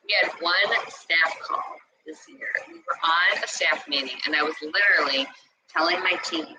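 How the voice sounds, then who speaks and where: A woman's voice: fairly low pitch, noisy background. A woman giving a faith-based motivational talk, emphatic and repetitive, often speaking straight to her listeners.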